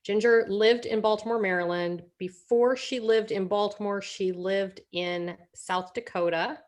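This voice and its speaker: A woman's voice: medium pitch, fairly even intonation, a little slow. A woman student reading a class story aloud, hesitating and checking her wording. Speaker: student reader.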